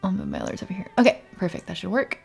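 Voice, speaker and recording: A woman's voice: racing, vocal fry, slightly rough, faint music behind. A woman live-streaming a game, chatting casually and thinking aloud, breaking into laughs and sometimes slipping into Mandarin. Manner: laughs often, bursts into high excited yelps. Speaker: variety streamer.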